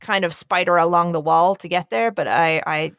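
A woman's voice: fairly low pitch, normal speed, fairly bright tone, no echo, clean studio sound. A woman co-hosting a podcast, chatting casually with a wry, theatrical flair. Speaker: podcast co-host. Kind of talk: casual chat.

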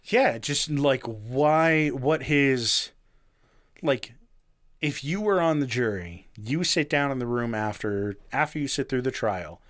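A man's voice: medium pitch, lively intonation, slow pace, a bit bright. A man casually telling a true crime story to a friend, with lots of fillers, laughs and swearing. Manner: swears and laughs often, many fillers and restarts. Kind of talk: casual chat.

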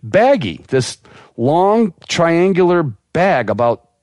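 A man telling a long story on a podcast in an animated, laughing way, as a guest who breeds dogs. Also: a little high, takes it slowly, no echo.

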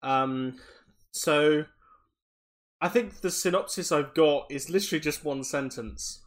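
A co-host introducing a film in casual discussion, measured and unhurried before handing over to a co-host. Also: mid-range voice.

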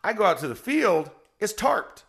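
A middle-aged man, a former football player, telling a story on a podcast in a lively way, acting out quotes and laughing. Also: sits high, normal speed, vocal fry. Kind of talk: animated storytelling.

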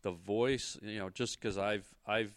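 Guest voice actor, male, slightly low voice, easygoing talk, dry close sound. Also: fairly even intonation, measured pace, dry recording. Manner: easygoing, repeats words when starting. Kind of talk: casual chat.

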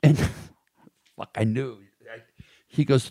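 A man in casual chat who tells animated stories and acts out the voices of the people he quotes. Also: lowish voice, takes it slowly, gravelly, long pauses.

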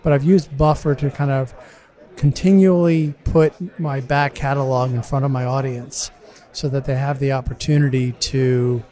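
A man of middle pitch explains his approach slowly and steadily. He pauses on fillers and restarts as he thinks. He is a podcast host being interviewed at a convention. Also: steady tone, warm tone. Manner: measured, explanatory, with ums and restarts.

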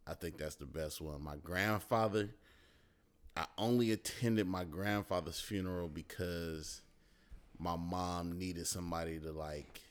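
A man's voice: deep voice, fairly even intonation, a little slow, smooth. A man in casual chat, giving short agreeing replies and telling a personal story.

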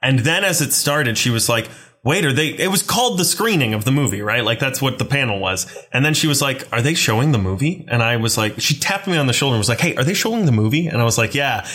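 Bright, lively-voiced podcast co-host. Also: male voice, mid-range voice, fast. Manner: rambling, wry, self-deprecating. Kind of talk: casual chat.

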